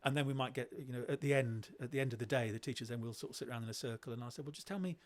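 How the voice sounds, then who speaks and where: Guy, middle aged, chatty podcast guest, keeps restarting his sentences, mid-pitched voice. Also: very fast. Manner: animated, acts out children's voices, frequent restarts. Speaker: guest, education speaker. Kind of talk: conversational storytelling.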